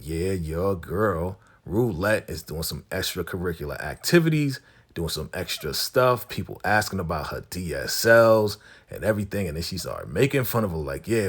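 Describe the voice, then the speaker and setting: A man casually recapping a TV episode, chatty and animated, acting out the characters' lines in playful voices. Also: sits low, slightly rough. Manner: chatty, keeps saying "right?" and "your girl". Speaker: recap host.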